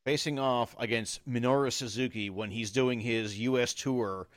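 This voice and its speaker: A man co-hosts a casual podcast and walks through match recaps, often pausing on ums and uhs. His voice sits mid-low and plain. The sound is dry and close, with no room echo. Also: steady tone. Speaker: podcast co-host.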